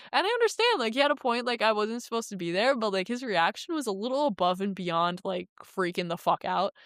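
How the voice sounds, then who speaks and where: A woman's voice: mid-range voice, no room sound, clean studio sound. A young woman vlogger telling a story in casual, rambling talk, full of "like" and swearing, acting out the quotes. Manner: rambling, heavy use of "like", frequent swearing; animated retelling with acted quotes.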